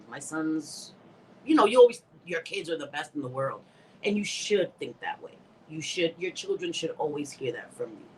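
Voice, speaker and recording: A woman hosting a livestream, speaking in a lowish voice and talking straight to her viewers with rambling, heartfelt gratitude. She is teary and emotional, with laughs breaking through. She is still recovering from a cold, and there is a faint hiss of noise under her voice. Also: low-quality recording. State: recovering from a bad cold, slightly stuffy. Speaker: livestream host. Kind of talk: casual livestream chat reading viewer comments.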